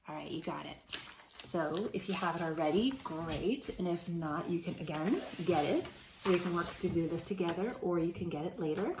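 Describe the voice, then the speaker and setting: Gravelly woman teacher sounding out words. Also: lowish voice, darkish tone, echoey room, a little hiss or hum. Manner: slow, sounds out words, encouraging. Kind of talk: remote phonics lesson for young children.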